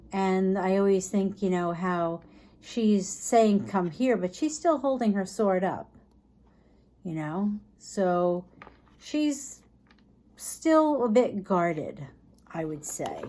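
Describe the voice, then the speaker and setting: A woman giving a casual tarot reading, thinking aloud in a chatty, tired way, sometimes dropping low and soft. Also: a little hiss or hum. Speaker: tarot reader.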